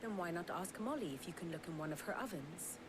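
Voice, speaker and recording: A learned scholar with a dry, wry manner, voiced by a woman in a lowish register. Noisy game audio hisses under the voice. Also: fast talker, close to an everyday voice.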